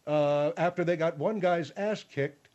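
Dude voicing a grumpy old general, a bit high, muttering over muffled radio sound. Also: male voice, measured pace, darkish tone, lightly acted. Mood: grumbling. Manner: grumbling, interrupting. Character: gruff old military man called General.

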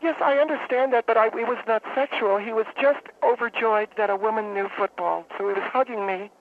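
A man's voice: high-pitched, voice pushed up. Man doing a rambling woman caller on a phone line. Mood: deadpan. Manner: rambling, deadpan, halting with fillers. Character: woman caller, brawling football fan, middle-aged. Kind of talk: comic radio call-in bit. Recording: tinny phone line, faint hiss.

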